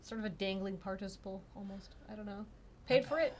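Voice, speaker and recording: A woman's voice: medium pitch, a little fast, a little hiss or hum. A woman narrating and playing a tabletop role-play, chatty and self-deprecating. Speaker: player and narrator.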